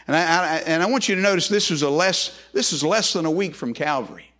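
A male pastor preaches in a relaxed, folksy way, circling back and repeating phrases as he goes. His voice sits a little higher than most men's. He talks like he's chatting with his congregation. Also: fairly quick. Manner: folksy, repetitive with frequent restarts. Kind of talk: sermon.

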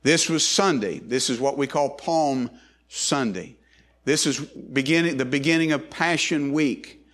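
A man's voice: mid-range voice, measured pace, fairly bright tone. A man preaching a sermon as pastor, folksy and loose, with frequent restarts and repeated words.

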